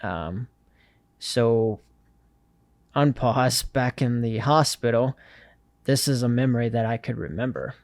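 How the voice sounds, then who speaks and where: A young man, an interview guest, earnestly telling a personal story with many pauses and fillers. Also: mid-range voice, expressive, a little mellow, no echo.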